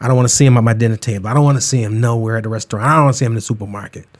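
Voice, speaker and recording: A man's voice: mid-range voice, racing. A man hosting a podcast, ranting in a casual, emphatic and comedic way. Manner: animated, emphatic, keeps it real. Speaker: podcast host. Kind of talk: comedic rant, casual talk.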